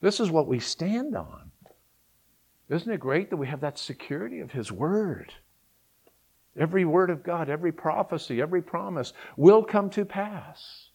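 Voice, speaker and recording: A man's voice: on the high side, big pitch swings, moderate pace, creaky, darkish tone, husky. A man preaching a sermon, emphatic and full of rhetorical questions. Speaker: pastor.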